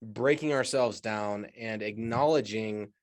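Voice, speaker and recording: A man's voice: lowish voice, measured pace. A man co-hosting a podcast who gives a reflective, encouraging closing segment and often stops and restarts his sentences. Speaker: podcast co-host. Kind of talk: casual podcast segment wrap-up.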